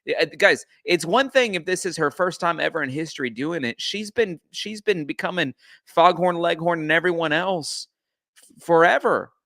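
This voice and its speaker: A man's voice: a little high, moderate pace, vocal fry, a bit bright. A man hosting a live-stream reaction commentary, incredulous and mocking.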